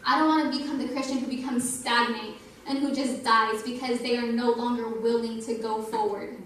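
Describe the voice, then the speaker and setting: A woman's voice: fairly high pitch, steady tone, normal speed. A young woman giving an earnest sermon testimony at a youth night, telling her story and saying "like" a lot. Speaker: youth speaker. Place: church hall. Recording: echoey church hall, mic from a distance, faint noise.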